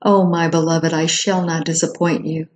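A woman voicing Jesus as a tender, loving male divine voice, in a gentle, reassuring and unhurried reading. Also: sits low, level tone, roomy sound, lightly acted.

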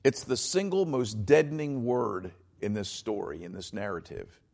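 A man's voice: fairly low pitch, normal speed, gravelly, darkish tone. A man preaching a sermon as pastor, explaining scripture with emphatic, dramatized quotes.

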